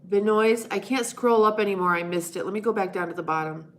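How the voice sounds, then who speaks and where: A woman's voice: medium pitch, steady tone, fairly quick, a little hiss or hum. A woman hosting a casual live stream, chatting with her viewers in a playful, teasing way. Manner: playful, teasing, breaks into loud monkey noises.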